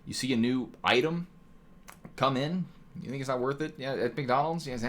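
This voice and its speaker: A man's voice: mid-range voice, normal speed, a bit bright, a little hiss or hum. Streamer-style male lecturer, loose and chatty, fond of rhetorical "right?". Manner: talkative, rhetorical "right?" tags, mock voices. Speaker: streamer teaching economics. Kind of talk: casual lecture to live chat.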